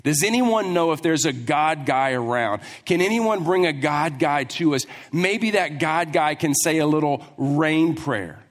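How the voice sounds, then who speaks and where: A man preaching a sermon, telling a Bible story with lively asides and acting out the characters. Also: a little high, measured pace, few pauses. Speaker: pastor. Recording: long hall reverb.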